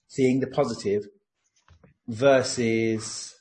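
A man's voice: medium pitch, moderate pace, rough recording. A man in casual conversation, talking earnestly about a personal insight and acting out his own inner thoughts. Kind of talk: reflective casual chat.

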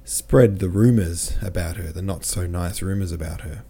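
Low-voiced, dark-toned man chatting casually. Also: normal speed, gravelly, slightly rough. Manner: rambling, conversational, reads listener comments aloud. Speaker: podcast host. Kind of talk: casual book discussion.

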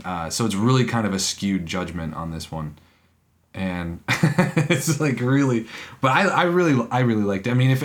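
A man co-hosting a podcast in casual chat, rambling and halting, often breaking into laughs. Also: lowish voice. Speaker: podcast co-host.

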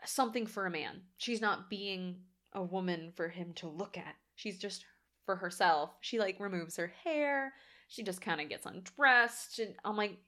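Chatty young woman recapping a movie. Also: medium pitch. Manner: chatty, animated, swears, laughs often. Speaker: podcast co-host. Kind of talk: casual movie discussion.

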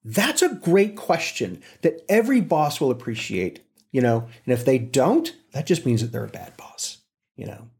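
Animated storytelling man. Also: medium pitch, moderate pace, vocal fry. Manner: animated storyteller, acts out quotes. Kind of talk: casual conversation.

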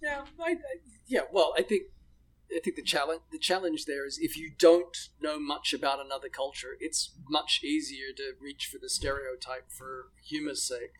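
A man's voice: fairly high pitch, moderate pace, a bit bright. A young man, thinking aloud in casual chat and often restarting his phrases.

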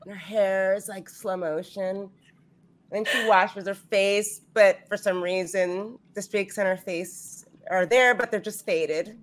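Woman, tabletop player, rambling animated narrator, filler-heavy. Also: mid-range voice, takes it slowly. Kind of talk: casual game narration.

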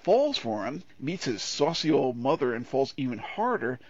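A man's voice: mid-range voice, big pitch swings, moderate pace, muffled recording. A man co-hosting a casual film review podcast, sardonic, opinionated and freely profane. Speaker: podcast co-host.

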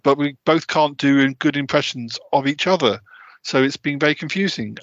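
A man's voice: a little high, moderate pace, a bit bright, dry recording. A man hosting a podcast and improvising a comedy audio drama in a flustered, stammering way. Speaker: podcast host. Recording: dry, slightly dull home recording.

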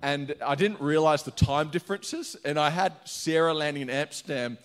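A middle-aged man from Australia preaching a sermon, energetic and chatty, telling stories with laughs. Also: a little high, moderate pace, smooth. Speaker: pastor.

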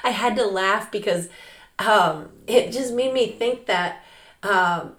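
A woman with a hoarse, raspy voice from losing it, hosting a podcast in a chatty way with frequent laughs and fillers. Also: mid-range voice, slow, a bit bright. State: hoarse, lost voice. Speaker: podcast host and coach. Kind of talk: casual podcast monologue. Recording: roomy echo.

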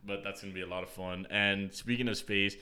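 A man's voice: low-pitched, fairly even intonation, a little fast, sharp tone, clear, resonant tone. A young man telling a story in a casual podcast chat, laughing often, acting out the people he met, in a slangy, profane way.

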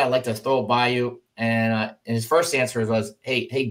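A middle-aged man recounts his army days in an easygoing, conversational way. His voice sits in a middle register but springs upward whenever he mimics someone else's words, giving the tale a lively, theatrical bounce. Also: brisk. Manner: animated, acts out quoted dialogue with jumps in pitch. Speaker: former army officer telling his story. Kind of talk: casual storytelling in a conversation.

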